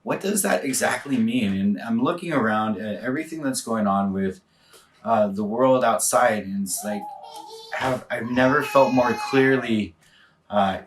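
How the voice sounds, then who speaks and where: A man with a lowish voice leads a quiet morning devotion as a pastor, pausing often and restarting his sentences as he reflects. He sounds a little distant from the microphone, with faint noise underneath. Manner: halting, reflective, many fillers and restarts. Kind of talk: live-streamed morning devotion.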